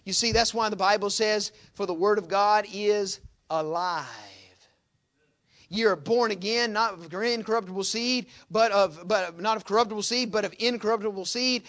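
A man preaching a sermon in a folksy manner, reading scripture loudly and dropping to quiet asides. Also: high-pitched, normal speed.

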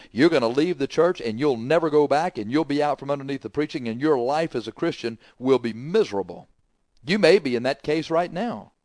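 A male preacher delivers a scolding sermon in a middle-pitched voice. He drives points home with loud bursts, then drops into quiet asides. The sound is close and dry. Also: dry recording.

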